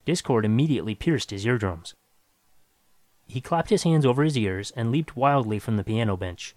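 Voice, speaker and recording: A man reading a science fiction story aloud with dramatic, expressive narration. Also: mid-range voice, moderate pace, faint music behind.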